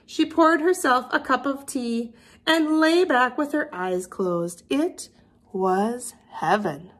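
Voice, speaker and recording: Woman teacher reading a kids story out loud, high bouncy voice, slow and a bit breathy. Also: animated. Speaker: children's music teacher. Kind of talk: reading a picture book to young children.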